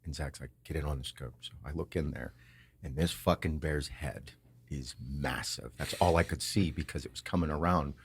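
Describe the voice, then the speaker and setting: A man hosting a podcast, telling a story in a casual, animated way, swearing often and acting out what others said. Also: rumbling low, moderate pace, slightly rough. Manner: animated, swears a lot, acts out quotes. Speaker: podcast host.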